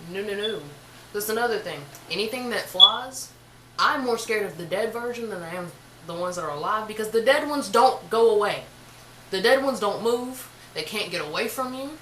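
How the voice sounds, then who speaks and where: A young woman telling a casual storytime on her vlog, chatty and animated, full of slang. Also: mid-range voice, normal speed, roomy sound, background noise. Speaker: vlogger.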